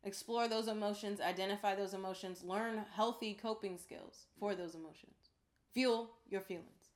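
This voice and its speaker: A woman's voice: mid-range voice, steady tone, normal speed. A woman co-hosting a podcast in casual chat, frank and emphatic, laughing often. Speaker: podcast co-host.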